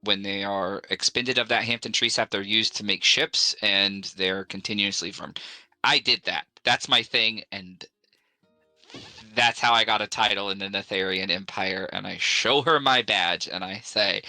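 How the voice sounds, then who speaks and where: Very bright-voiced man playing a tabletop game. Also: fairly low pitch, moderate pace, dry recording, low-quality recording. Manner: animated, playful, jokes and laughs. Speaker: player.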